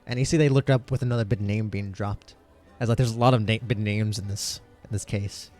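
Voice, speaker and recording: A man narrating as game master for a tabletop game, rambling with lots of fillers and slipping into quick voices for the crowd. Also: on the low side, steady tone, darkish tone, soft background music.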